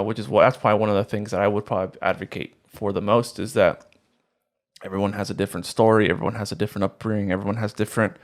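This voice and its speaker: A young man with a fairly low voice, co-hosting a podcast in casual conversation. He speaks earnestly and rambles, often restarting his sentences. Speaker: podcast co-host.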